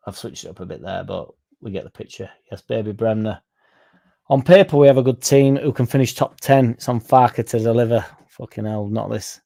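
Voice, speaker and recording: Young man, livestream host, sweary and rambling, mid-pitched, dark mellow tone. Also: brisk, creaky. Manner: rambling, sweary, jumps off on tangents. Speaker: fan channel livestream host. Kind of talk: casual livestream chat reading comments.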